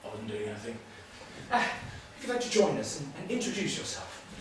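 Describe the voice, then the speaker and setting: An actor playing the coaxing, patient leader of a self-help group. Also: male voice, medium pitch, big pitch swings, fairly quick, distant mic, close to an everyday voice. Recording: echoey room from afar, noisy.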